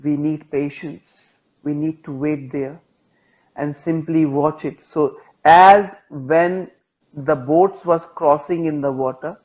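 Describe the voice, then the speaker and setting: A man with an Indian accent, a meditation teacher, gently telling a teaching story in English over a video call. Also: on the high side, steady tone, slow pace, highs cut off. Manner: gentle, repetitive, patient phrasing.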